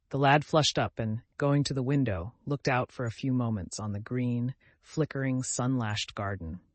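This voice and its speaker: A man narrating a classic novel as an audiobook, measured and literary. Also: medium pitch, dry recording.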